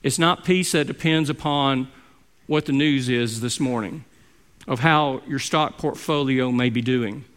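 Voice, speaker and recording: A middle-aged man preaching a sermon as pastor, rising to loud emphasis and dropping to soft, hushed quotes. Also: mid-range voice. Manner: expressive, with swings between loud emphasis and soft near-whispered quotes.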